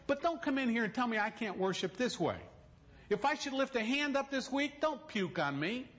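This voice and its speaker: Preacher guy giving a sermon in church, pretty high voice, talks straight at the crowd, muffled sound. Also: normal speed. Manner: animated storytelling, direct, humorous asides. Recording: dull lo-fi recording.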